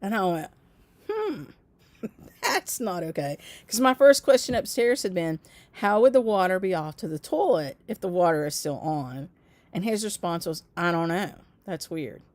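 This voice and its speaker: A middle-aged woman, casually telling viewers a long story, with laughing asides and lively quoting of others. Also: mid-range voice, moderate pace, dry recording. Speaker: craft channel host.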